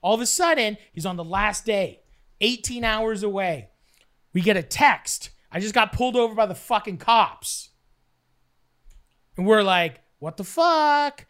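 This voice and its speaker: A man spins a rowdy, profanity-laced story in a casual chat. His tone is bright and forward, and he acts out each quote as he goes. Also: high voice, unhurried, long pauses. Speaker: storyteller guest. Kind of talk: casual storytelling while playing cards.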